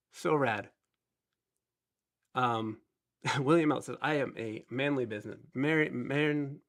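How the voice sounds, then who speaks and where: His voice is medium-pitched, a bit bright, with vocal fry and a slightly nasal quality. The man, in his thirties, hosts a casual live stream, chatting, rambling, and putting himself down as he welcomes viewers.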